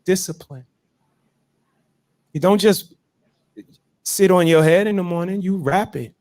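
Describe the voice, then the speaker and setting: High-voiced man preaching emphatically. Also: a little slow, darkish tone, no echo. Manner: preaching, emphatic, repeats phrases. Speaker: show host. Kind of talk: motivational chat on a live stream.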